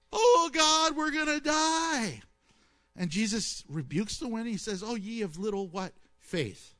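A man preaching a sermon, telling stories with questions to the listeners and acting out the quoted voices. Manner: animated storytelling, asks the audience questions and answers them; acts out quoted voices with swings in pitch and loudness.

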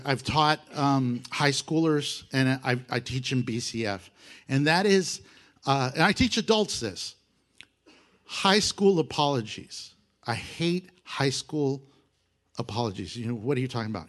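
A man teaching a Bible lesson with a lively voice that swings up and down in pitch, sitting a bit higher than most men. He laughs often and acts out the apologies he quotes. The delivery is a loose, casual teaching style.

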